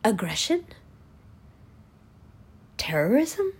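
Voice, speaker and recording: Brief: a woman with a high voice who speaks deliberately, profane and scornful in a political rant to camera. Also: sing-song, slightly rough. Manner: profane, scornful, lecturing the viewer directly. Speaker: political commentator.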